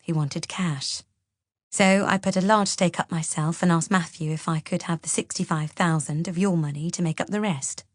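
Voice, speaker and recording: A woman voicing a composed older mother-in-law who explains herself in a measured, earnest way. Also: fairly low pitch, steady tone, no room sound, clean studio sound, natural voice.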